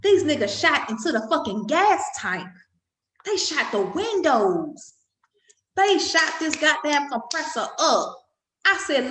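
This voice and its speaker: A woman's voice: high-pitched, big pitch swings, takes it slowly, fairly bright tone, roomy sound. A middle-aged woman from Washington, D.C. delivers a profane, emphatic, repetitive rant to camera. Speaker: mother vlogging. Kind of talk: impassioned monologue to camera.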